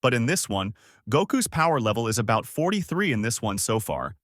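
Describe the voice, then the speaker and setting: Man narrating a fan story with a lively voice. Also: mid-range voice, fairly quick, dry recording, studio quality.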